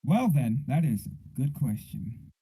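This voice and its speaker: A man's voice: mid-range voice, sing-song, unhurried, warm tone, slightly rough, low-quality recording. A man in his early twenties co-hosting a casual podcast, rambling and jokey. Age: early 20s. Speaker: podcast co-host.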